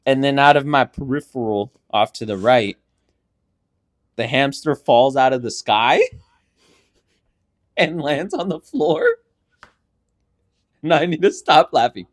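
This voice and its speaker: A man's voice: mid-range voice, slow, long pauses. A young man co-hosting a casual podcast, telling stories with lots of swearing and acting out every scene, holding a handheld mic. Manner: animated storyteller, swears a lot, acts out scenes. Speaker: podcast co-host.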